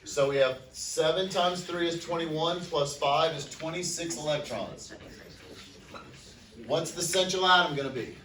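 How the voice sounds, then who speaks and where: A male teacher lectures a class in an upbeat, joking way, counting out loud and firing questions at his students. His voice is bright and forceful. It is recorded in an echoey classroom, picked up from across the room. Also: fairly high pitch, unhurried, a little hiss or hum. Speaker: chemistry teacher. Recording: echoey classroom, mic far off.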